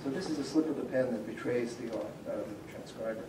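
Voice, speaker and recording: A man's voice: medium pitch, fairly quick. A man, a professor, giving a public lecture in a conversational, explaining way and reading out word examples. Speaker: professor of Slavic linguistics. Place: civic centre lecture room. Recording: echoey room, voice from far off, faint hum.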